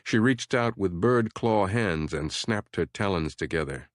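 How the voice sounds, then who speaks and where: A man narrating a horror audiobook in a measured, steady storytelling voice. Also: low-pitched, no room sound, studio quality.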